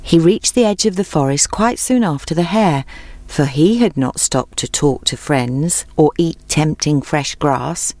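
A woman reading a children's story aloud in a gentle, clear, expressive way. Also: sits low, a little slow, no echo.

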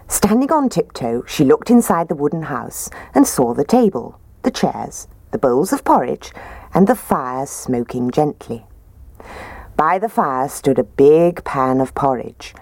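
A woman reading a children's fairy tale aloud in an expressive storybook manner. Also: low-pitched, dry recording. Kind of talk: scripted narration of a children's story.

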